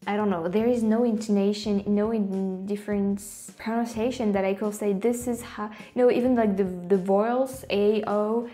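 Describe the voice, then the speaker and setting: A woman with a French accent, a native French speaker, gives casual commentary as a YouTube host in a medium-pitched, steady, dark voice. She moves at a moderate pace with hardly any pauses, though she's hesitant, with many fillers and restarts. Soft background music plays.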